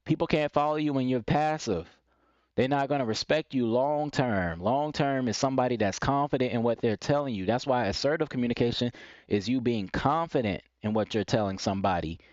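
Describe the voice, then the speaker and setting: Man, preachy and blunt, mid-pitched voice, dry muffled stream audio. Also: a little fast, darkish tone, dry recording. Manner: blunt, preachy, repeats points, mocks timid phrasing in quoted voices. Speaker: live stream host giving dating and self-improvement advice. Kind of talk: live stream monologue.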